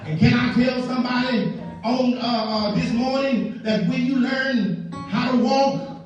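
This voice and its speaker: A pastor preaching a sermon that swells into a sung, chanting delivery. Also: male voice, very high-pitched, steady tone, a little slow, dull audio. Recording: very echoey church from a distance with faint music.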